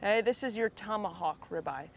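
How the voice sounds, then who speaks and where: A woman explaining meat cuts as a guest expert on a cooking show, clear and friendly. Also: medium pitch, fairly quick, slight background noise.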